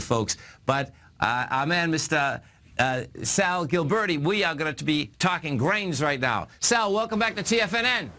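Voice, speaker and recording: A high-pitched man hosts a market talk show with a bright, forceful voice. He sounds excited and rambles, turning to viewers as "folks" between his points. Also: normal speed. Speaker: financial show host.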